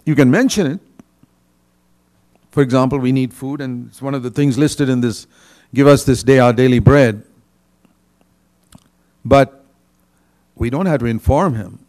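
A man's voice: medium pitch, steady tone, measured pace, pauses often, a little mellow. An older man preaching a sermon in a conversational way, with bursts of emphasis.

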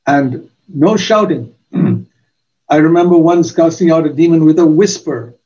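An older man preaching a sermon, giving earnest testimony with slow, emphatic pauses. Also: fairly high pitch, dark tone, dull audio.

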